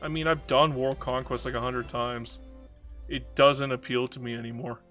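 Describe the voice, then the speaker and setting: A man's voice: medium pitch, fairly even intonation, moderate pace, a bit bright, soft background music. A man casually commenting on a strategy game while streaming, rambling, mocking himself and reading chat messages aloud.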